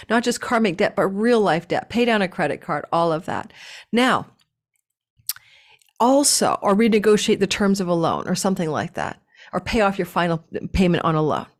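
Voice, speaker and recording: A woman giving a casual astrology forecast, talking with a lively up-and-down cadence and chatty asides. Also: mid-range voice.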